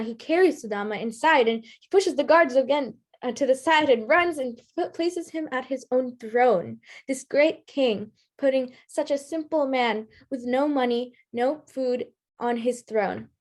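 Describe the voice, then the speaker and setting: A woman telling a story at a live storytelling performance, animated and lively, with small restarts. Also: high-pitched, a little slow.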